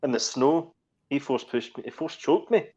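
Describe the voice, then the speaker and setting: A man's voice: mid-range voice, lively intonation, normal speed, mellow, slightly rough. Laid-back man on a dull mic. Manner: laid-back, short interjections and wisecracks. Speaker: podcast co-host. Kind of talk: casual chat.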